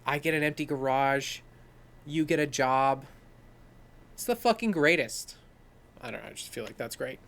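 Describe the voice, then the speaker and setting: A man's voice: mid-range voice, moderate pace, vocal fry, pauses often. A man co-hosting a podcast, talking casually and swearing freely as he tells stories. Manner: swears freely, animated storytelling with laughs. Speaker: podcast co-host. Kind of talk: casual conversation.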